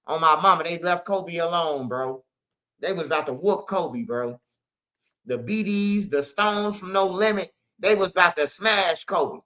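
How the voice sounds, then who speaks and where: His voice fairly high and sharp, moving at a moderate pace, the street news host retells a story in casual monologue form. The telling is loose, slangy, profane and emphatic, and the recording is dull lo-fi.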